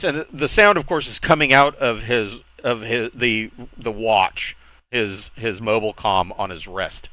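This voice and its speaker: A man narrating a tabletop game as game master, halting with many uh's and restarts. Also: medium pitch, bright, forceful tone, dry recording, rough recording.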